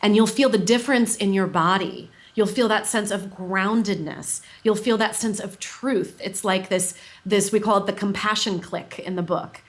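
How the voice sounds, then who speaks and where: Warm, explanatory woman coach. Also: medium pitch, fairly even intonation, normal speed, hardly any pauses. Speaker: coach, guest. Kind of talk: explanatory interview answer.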